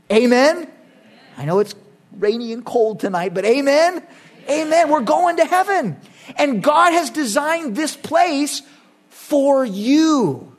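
A middle-aged male pastor with a notably high voice delivers a sermon. He preaches emphatically, pressing his points loudly and then dropping to quiet, earnest asides. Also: animated, normal speed. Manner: emphatic, swings between loud urging and quiet earnest asides.

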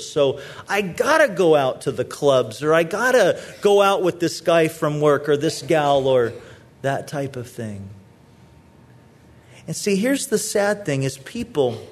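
A man preaching a sermon, earnest and pleading, often repeating words as he presses his point. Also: high voice. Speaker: pastor.

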